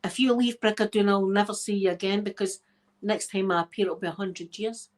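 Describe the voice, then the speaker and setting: A woman's voice: medium pitch, steady tone, brisk, lightly acted. A Scottish woman voicing a young village lass in love who warns and bids farewell. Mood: wistful.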